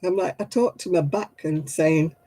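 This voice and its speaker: A woman's voice: sits low, normal speed, mellow, poor audio. A woman hosting a craft livestream, chatting casually, laughing often and acting out other people's voices. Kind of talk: casual chat.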